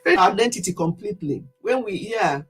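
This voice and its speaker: A woman in her fifties speaks with a Nigerian accent and a husky, slightly breathy voice. She talks casually and animatedly to her viewers, her pitch swinging up and down as she chats, and she laughs easily. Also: lively intonation, normal speed, faint music behind. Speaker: vlogger. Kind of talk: casual monologue to camera.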